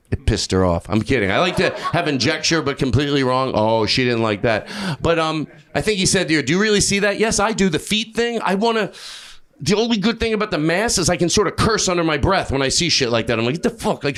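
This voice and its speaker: A middle-aged man doing improvised stand-up in a comedy club, rambling and self-deprecating, breaking into sudden shouts. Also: a little high. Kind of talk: improvised stand-up riffing with a crowd. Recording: live club recording with crowd. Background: audience laughter.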